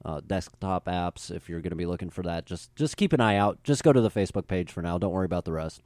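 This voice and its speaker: A man's voice: low-pitched, expressive, fast talker, darkish tone, no room sound. A man from the upper Midwest, a guest on a podcast, talking in a laid-back, plainspoken way. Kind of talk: casual podcast chat.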